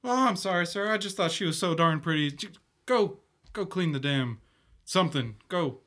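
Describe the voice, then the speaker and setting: A man's voice: a little high, animated, normal speed, fairly bright tone, voice pushed up. A man doing a stammering blushing boy clerk. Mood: flustered.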